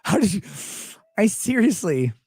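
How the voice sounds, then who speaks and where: A man's voice: high voice, sing-song, a little slow, a little mellow, slightly rough, dry recording, studio quality. A man hosting a livestream, ranting about everyday gripes with profanity and sarcasm, and reading chat messages aloud. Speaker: livestream host.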